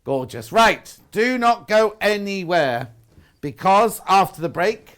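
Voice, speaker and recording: A man's voice: high voice, a bit bright. A man presenting a live shopping channel show, chatty and upbeat with small jokes.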